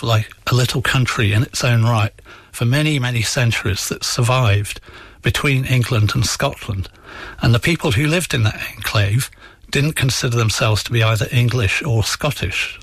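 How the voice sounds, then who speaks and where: Measured male author as interview guest. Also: medium pitch, a bit bright, dry recording. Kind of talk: radio interview. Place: near where England and Scotland meet.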